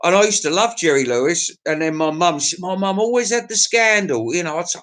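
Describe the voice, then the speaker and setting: A man's voice: sits high, lively intonation, fairly quick, hardly any pauses, a bit bright. A man hosting a livestream, telling crude, profane, jokey stories in a rambling casual chat to his viewers. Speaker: livestream host.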